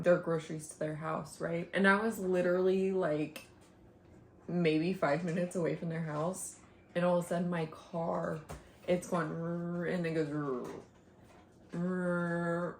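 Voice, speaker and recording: A woman's voice: on the low side, creaky, darkish tone, reverberant, slight background noise. A young woman, a stay-at-home mom, chatting casually at home in a rambling way, often laughing and sighing. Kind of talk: casual chat to camera. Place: home, indoors.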